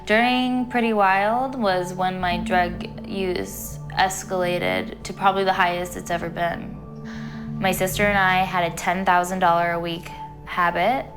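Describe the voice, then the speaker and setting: Young woman, twenties, blunt interview talk, low-ish voice, music bed underneath. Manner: blunt and frank, with casual fillers. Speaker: former reality TV star interviewee. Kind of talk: candid interview recollection.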